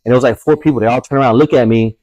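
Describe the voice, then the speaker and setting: A man's voice: mid-range voice, steady tone, very fast, a little mellow, no echo. A man, a tattoo artist guest, telling a casual story full of swearing and acting out the voices of people he quotes. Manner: profane, acts out quoted voices.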